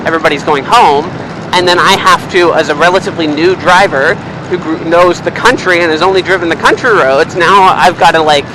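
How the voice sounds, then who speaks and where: A young man, chatting casually and swearing freely while driving, rambling and excitable. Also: on the high side. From Canada. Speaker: vlogger. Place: inside a car, driving in city traffic. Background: faint car and road noise.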